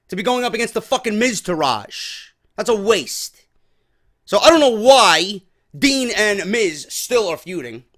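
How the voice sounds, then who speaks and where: A man's voice: high voice, a bit bright. A man giving a casual, opinionated wrestling recap, swearing freely and hammering his points home. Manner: profane, opinionated, emphatic. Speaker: wrestling commentator.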